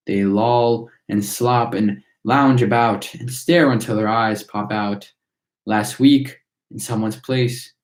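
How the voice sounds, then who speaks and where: A man reading a chorus of tiny singing factory workers, reciting their verse in a steady rhythm. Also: mid-range voice, lightly acted. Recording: roomy echo.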